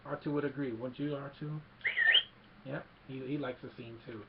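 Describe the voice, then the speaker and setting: A man's voice: mid-range voice, fairly even intonation, moderate pace, vocal fry, very noisy. A man giving a casual, rambling film recap, retelling scenes and quoting lines, on a slightly dull lo-fi home recording. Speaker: movie reviewer.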